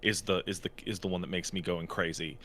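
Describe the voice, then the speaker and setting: A man co-hosting a podcast in casual chat, swearing freely and jumping up in pitch to make a point. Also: a little fast. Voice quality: animated, swears a lot, jumps into high pitch for emphasis. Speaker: podcast co-host.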